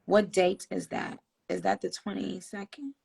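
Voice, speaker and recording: Laid-back woman hosting a live on her phone, super gravelly and raspy, drawls her questions. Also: mid-range voice, little pitch movement, unhurried, a little mellow. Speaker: host of the livestream. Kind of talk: casual livestream chat.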